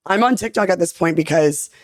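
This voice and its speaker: A young woman chatting as a podcast guest, telling stories in an animated way with lots of fillers. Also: lowish voice, no echo, clean studio sound. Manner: animated, rapid talker full of fillers. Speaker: podcast guest, content creator. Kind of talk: casual storytelling chat.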